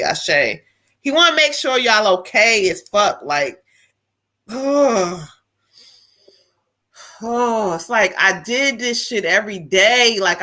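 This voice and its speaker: A woman's voice: medium pitch, pushed and bright. A woman medium giving spirit readings on a live stream, emotional and profane. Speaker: psychic medium.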